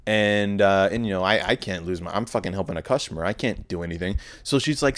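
A man's voice: on the low side, a little fast, hardly any pauses. A young man hosting a podcast, telling a story in a rambling, heavily profane casual monologue. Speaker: podcast host.

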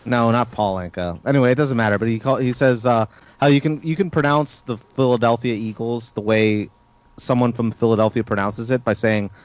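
A man chatting on a podcast with a mid-pitched voice, rambling through recommendations and teasing his friends with swear words. The recording is dull and lo-fi. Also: fairly quick. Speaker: podcast co-host. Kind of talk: casual chat. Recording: dull lo-fi sound.

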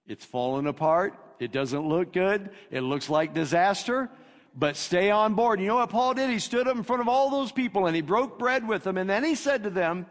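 A male pastor preaching a sermon, emphatic and repetitive, swinging between loud declarations and hushed lines. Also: a little high. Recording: long reverb of a hall.

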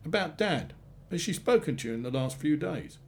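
A hurt young woman in a spoken short story, put on by a male reader who lifts his voice for her. She pleads through tears, her pitch rising and falling a great deal. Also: animated, moderate pace, creaky. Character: young adult woman, tearful, loyal to her father.

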